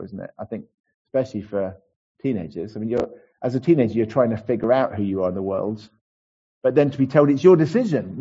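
A man's voice: medium pitch, warm tone, breathy edge, dull audio. A man giving a conversational sermon as a pastor in church, with asides and restarts.

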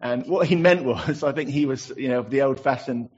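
Pastor guy telling stories in his sermon, kinda husky, lots of ums, sounds a bit muffled. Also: medium pitch, fairly quick. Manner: self-deprecating, anecdotal, with fillers.

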